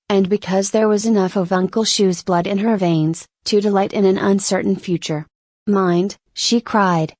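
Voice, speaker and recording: A woman reading a novel aloud in a steady, measured storytelling manner. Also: mid-range voice, no echo. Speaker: audiobook reader.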